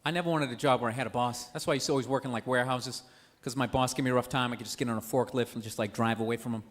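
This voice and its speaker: A man's voice: medium pitch, steady tone, racing. A man doing a stand-up comedy set, ranting sarcastically and acting out characters in asides. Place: live comedy venue with audience. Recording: noisy live club recording.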